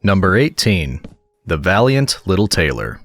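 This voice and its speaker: A man narrating fairy tales in a calm, relaxing storybook reading. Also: sits low, unhurried, no echo. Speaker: audiobook narrator.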